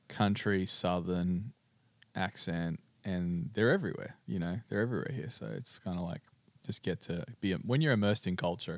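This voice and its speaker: Man, Australian accent, low voice, casual podcast chat, fillers and restarts, dry recording. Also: no room sound. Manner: relaxed, chatty, with frequent fillers and restarts.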